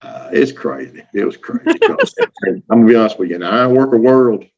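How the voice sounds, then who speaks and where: A man's voice: mid-range voice, quick pace, a little mellow. A man from Louisiana with a Southern accent, chatting as an interview guest and acting out what people said, laughing often. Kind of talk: casual storytelling. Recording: dull lo-fi audio.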